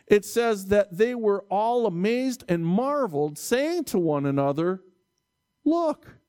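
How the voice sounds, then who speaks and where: A man preaching a sermon, lively and expressive, acting out bewildered reactions and stumbling over Greek words. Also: high voice. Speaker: pastor.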